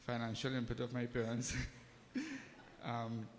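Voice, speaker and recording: A man's voice: medium pitch, completely flat delivery, unhurried, slight background noise. A man, a pandit speaking informally and hesitantly to a temple congregation. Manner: hesitant, many ums, friendly. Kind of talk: informal talk at a temple service. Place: temple hall. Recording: reverberant temple hall.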